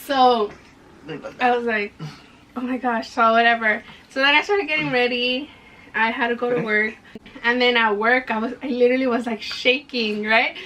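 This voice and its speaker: A woman's voice: on the high side, fairly even intonation, normal speed, sharp tone. A young woman casually telling a personal story, full of "like" fillers and acted-out dialogue. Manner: chatty, many "like" fillers, reenacts dialogue. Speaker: vlogger. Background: background music.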